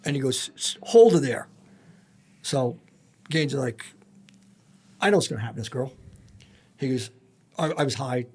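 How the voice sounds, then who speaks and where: A man's voice: mid-range voice, normal speed, long pauses, slightly rough. A man, a former federal agent, telling blunt and profane stories full of quoted dialogue as a podcast guest. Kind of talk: storytelling in a casual interview.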